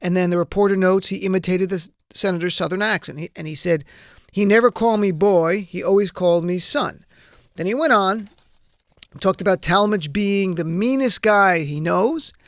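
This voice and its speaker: Gravelly high-voiced male talk host. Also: normal speed, no room sound, clean studio sound. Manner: emphatic, sarcastic, argumentative. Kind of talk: political commentary. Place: radio studio.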